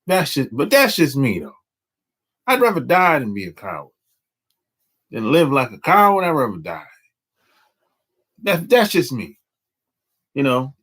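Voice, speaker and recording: Slangy, animated man talking live. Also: medium pitch, unhurried, long pauses. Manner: slangy, drawling, animated, repeats himself. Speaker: dating coach hosting a live stream. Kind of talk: casual live-stream talk.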